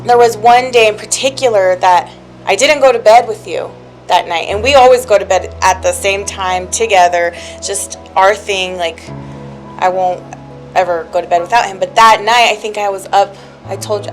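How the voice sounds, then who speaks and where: A woman co-hosting a podcast, speaking candidly and heartfelt about her life, rambling with lots of fillers and close to tears at times. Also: medium pitch. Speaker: podcast co-host. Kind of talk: candid personal chat. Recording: music playing clearly behind.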